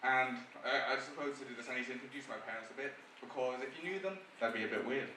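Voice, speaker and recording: A man's voice: medium pitch, quick pace, sharp tone, a little hiss or hum. A young man from the UK with a British accent doing chatty, self-deprecating stand-up comedy on a theatre stage. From United Kingdom. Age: young adult. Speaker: staff comedian. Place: theatre stage before an audience. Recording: echoey theatre from far off.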